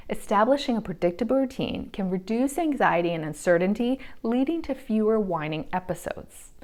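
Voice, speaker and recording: A woman delivers a scripted parenting lesson at an even, unhurried pace. Her voice sits in a middle register, and her tone stays calm and reassuring. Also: medium pitch. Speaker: parenting educator. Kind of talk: scripted educational explainer.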